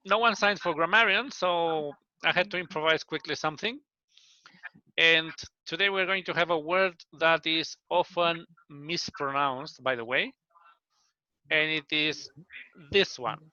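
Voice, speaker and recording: A man with a higher-than-average, smooth voice and a sharp tone hosts an online speaking club meeting, chatty and self-deprecating. He's talking through a computer mic on a video call, and the audio is dry and slightly dull with no room sound.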